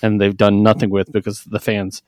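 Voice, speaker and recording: A man co-hosting a casual podcast, recapping comics in an animated way, jumping into quick character voices and laughing often. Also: lowish voice, no room sound. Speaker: podcast co-host. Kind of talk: casual comic book chat.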